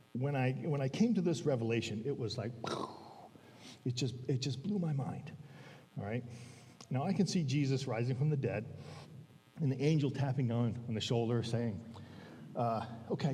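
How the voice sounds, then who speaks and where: A man preaching a sermon in a conversational way, often checking in with the congregation and slowing down to stress key words. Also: medium pitch, dark tone. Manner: conversational, frequent "all right?" check-ins; slows down for emphasis. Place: church sanctuary. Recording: long reverb of a church hall.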